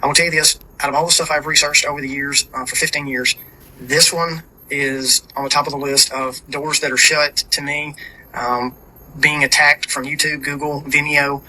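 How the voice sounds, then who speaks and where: A man's voice: a little high, little pitch movement, moderate pace, sharp tone, poor audio. A man narrating his own video in an earnest tone, with many ums and uhs. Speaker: video creator.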